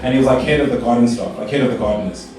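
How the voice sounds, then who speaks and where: A young man from South Africa performing a stand-up comedy routine, telling stories in an animated way and jumping to high squeals when he quotes himself. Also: very fast, slight background noise. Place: stage in a club or hall. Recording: echoey live stage sound from a distance.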